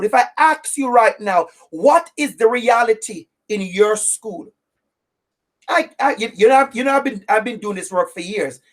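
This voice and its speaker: A woman with an accent giving an impassioned webinar talk as an anti-racism educator, speaking directly and repeating phrases for stress. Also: fairly high pitch. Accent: non-native English accent.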